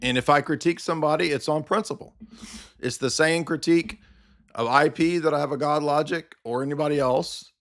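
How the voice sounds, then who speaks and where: A man's voice: on the high side, a little fast, fairly bright tone. A man hosting a livestream, ranting in a combative, sarcastic commentary style. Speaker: livestream host.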